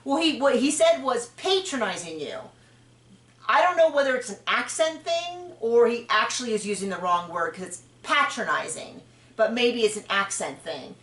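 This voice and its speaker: A woman hosting a podcast, chatting frankly and opinionatedly about a reality show, with quick asides and self-corrections. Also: fairly high pitch, very animated, a bit bright. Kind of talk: casual opinionated chat. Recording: roomy distant mic.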